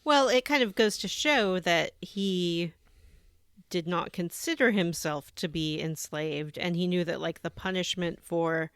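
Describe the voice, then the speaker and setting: A woman's voice: lowish voice, unhurried, clean tone, no room sound, studio quality. A woman co-hosting a casual gaming podcast, recapping the story and acting out the characters as she goes. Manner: animated storyteller who acts out characters. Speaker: podcast co-host.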